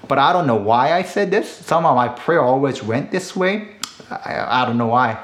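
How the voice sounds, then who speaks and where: A man in his thirties with a Korean accent delivers a sermon at a measured, earnest pace. His voice sits in an ordinary middle pitch and rings out in a roomy, echoey space. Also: animated, a bit bright. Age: 30s. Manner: earnest, slow and deliberate, with emphatic rises. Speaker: pastor. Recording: echoey room.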